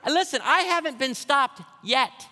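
High bright-voiced pastor preaching in a hall. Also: male voice, moderate pace. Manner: storytelling with humor, rising to energetic exhortation. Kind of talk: sermon. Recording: long hall reverb.

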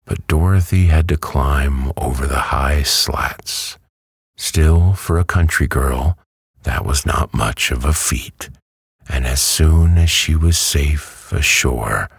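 A man narrating a bedtime story slowly and gently. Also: a bass voice, creaky, husky, dry recording, clean studio sound.

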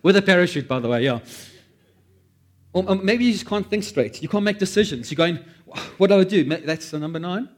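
Guy preaching, bit high voice, jokes about himself, acts out the prayers. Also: fairly quick. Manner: animated, acts out quoted prayers, self-deprecating asides. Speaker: pastor. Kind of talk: sermon.

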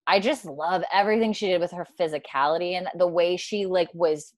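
A woman hosting a casual fan discussion, animated and acting out lines she quotes, with plenty of fillers. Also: on the low side, a little fast, no room sound. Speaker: podcast host.

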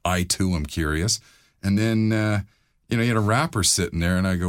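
A middle-aged man, a former radio DJ and voiceover artist, telling stories in a casual interview with lively acted-out quotes. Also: brisk, clean tone, no room sound, studio quality. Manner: animated anecdotes, acts out quotes with big pitch jumps.

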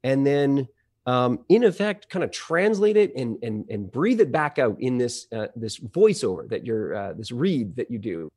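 A man's voice: mid-range voice, very animated, moderate pace, darkish tone, no room sound, clean studio sound. A man who works as an audio engineer, explaining voice-over work in a rambling, conversational way with many fillers and restarts. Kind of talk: conversational podcast interview.

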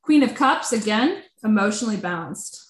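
A woman giving a casual tarot reading, chatty and animated, often saying "like". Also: on the high side, normal speed, reverberant. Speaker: tarot reader.

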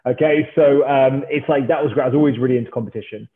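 A man's voice: medium pitch, quick pace. Guy, 30s, chatty founder, jokes at his own expense, lots of likes and ums, phone-line tinny. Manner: animated, self-mocking, many fillers. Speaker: startup founder guest. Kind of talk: casual storytelling chat.

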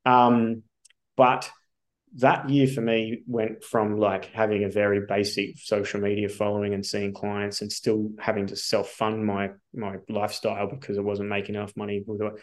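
An Australian man telling his story as a podcast guest, animated and casual, with lots of swearing and fillers. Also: lowish voice.

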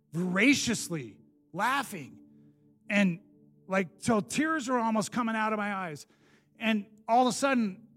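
A man preaching his personal testimony in a sermon, animated and self-deprecating, laughing at himself and swinging from loud bursts to hushed asides. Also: high voice.

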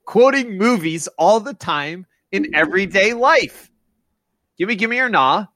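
A man's voice: high voice, expressive, unhurried, pushed and bright, no room sound, studio quality. A man co-hosting a casual podcast chat, telling a story and leading the segments with easy laughter. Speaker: podcast co-host.

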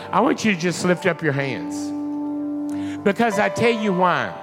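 A man preaching a sermon, telling an emotional story in an animated way. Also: sits high, normal speed, big-room sound, music in the background. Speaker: pastor.

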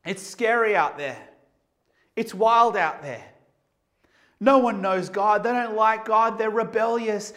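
Man, pastor, sermon, high voice, emphatic, rhetorical questions, repetition. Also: slow, long pauses, fairly bright tone.

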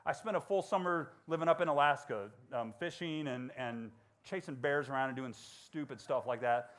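A man in his forties telling personal stories to a young audience in a casual, animated way. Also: moderate pace. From Georgia. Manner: animated, acts out dialogue in high voices. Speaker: motivational speaker. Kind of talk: storytelling talk to students.

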